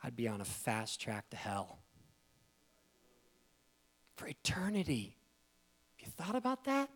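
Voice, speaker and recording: A man in his thirties tells a family story as a devotional sermon. His pitch swoops widely as he gets caught up in it, with frequent laughter and his voice climbing high when he is moved. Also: huge pitch swings, measured pace. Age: 30s. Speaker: speaker.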